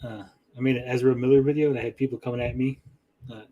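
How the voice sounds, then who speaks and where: Man, podcast host, casual chat, swears freely, pauses as he talks, mid-pitched voice. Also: phone-quality sound. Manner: chatty, swears often, lively swings in loudness; speaks with pauses.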